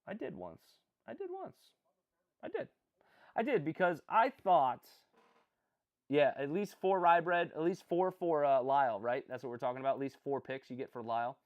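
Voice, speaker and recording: Animated rambling man commentating live. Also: mid-range voice, moderate pace, narrow, tinny audio. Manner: rambling, jokey, self-deprecating, chats with viewers. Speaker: livestream host.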